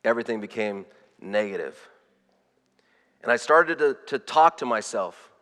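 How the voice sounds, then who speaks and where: A man preaching a sermon, telling a personal story with animated swings from loud to hushed and frequent repeated words. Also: medium pitch, measured pace. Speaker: pastor. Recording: long reverb of a large hall.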